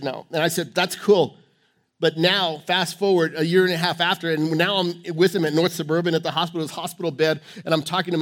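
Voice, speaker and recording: A man preaching from the pulpit in an emphatic, repetitive way, hammering the same phrase over and over. His voice sits a little above the usual pitch for a man, and he stumbles and restarts as he goes. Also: a bit bright. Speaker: pastor. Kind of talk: sermon. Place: church.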